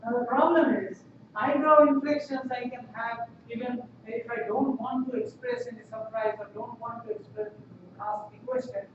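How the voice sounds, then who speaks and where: A man giving a university class lecture, explaining ideas step by step, repeating phrases and pausing with fillers, recorded from far off in a classroom. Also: extremely high pitch, steady tone. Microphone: laptop webcam from far off. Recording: echoey room, distant lo-fi mic, noisy.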